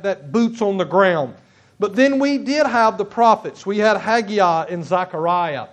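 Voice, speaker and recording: Man pastor with a high voice, preaching a sermon in church; halting delivery, restarts and emphatic repetition. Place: church sanctuary.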